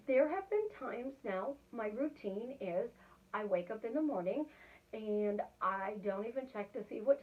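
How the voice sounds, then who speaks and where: A middle-aged woman, a life coach, talking casually to camera in a chatty, effusive way, slipping into soft murmured affirmations. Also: medium pitch. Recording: tinny phone-like audio.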